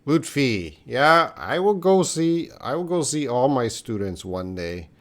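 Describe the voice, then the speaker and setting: A man's voice: mid-range voice, big pitch swings, a little slow, fairly bright tone. A man teaching English on a live stream, answering viewers' questions with patient explanations and example sentences.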